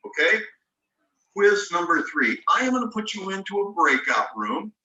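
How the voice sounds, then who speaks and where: A man's voice: high-pitched, sing-song, normal speed, bright, forceful tone. A man teaching an online class, patiently explaining spelling rules step by step and spelling words out letter by letter. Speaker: ESL teacher. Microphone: video call microphone. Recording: roomy sound, mic at a distance.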